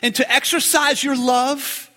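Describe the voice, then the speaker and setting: A man preaching a sermon as pastor, emphatic, stretching key phrases out and then dropping to a near hush. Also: extremely high pitch, flat delivery. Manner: emphatic, drawn-out phrases with sudden drops to a hush. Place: church sanctuary. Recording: reverberant church hall.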